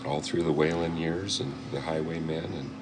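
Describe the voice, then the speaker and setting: A man's voice: a bass voice, fairly even intonation, normal speed. A man in his fifties, a guest musician chatting casually in an interview, rambling and self-deprecating. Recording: noisy recording.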